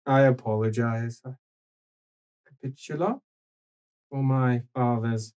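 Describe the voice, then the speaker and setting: A man doing a low, stern older man. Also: fairly even intonation, a little mellow, clear, resonant tone, natural voice, rough recording. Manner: low, measured, restrained. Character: tall, calm older man, stern peacemaker.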